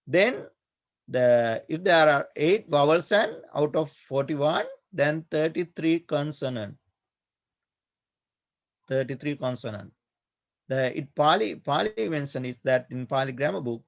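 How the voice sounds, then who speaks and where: A male Buddhist monk teaching a class on Pali grammar, speaking slowly, repeating key words and pausing often with fillers. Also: a little high. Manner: slow, repetitive, hesitant with many fillers. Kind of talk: online class lecture.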